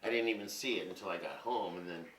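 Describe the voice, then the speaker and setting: Deep-voiced and fast, this fifty-something man tells rambling, profane stories with animation in an unguarded monologue. He sounds far from the microphone in a roomy space.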